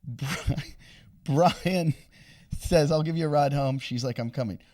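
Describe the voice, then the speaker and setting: This comedian takes his time, his slightly high, mellow voice unspooling a long, crude anecdote on a casual podcast. He rambles, swears, and chuckles along the way.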